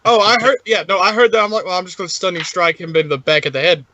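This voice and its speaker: A man playing a tabletop game, excitable and loud, a little off-mic. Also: high-pitched, fast talker, muffled recording. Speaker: player. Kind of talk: casual tabletop play.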